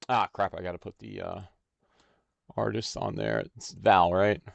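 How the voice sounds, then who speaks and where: A man hosting a casual livestream, thinking aloud in a halting, unhurried way while he works on cards. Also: deep voice, vocal fry, no room sound, dull audio. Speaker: stream host.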